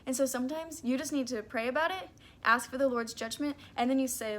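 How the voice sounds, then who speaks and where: A woman's voice: high voice, fairly quick. A young woman talking casually and earnestly about prayer, with lots of "like" and restarts. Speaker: faith vlogger. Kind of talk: casual spoken reflection to camera.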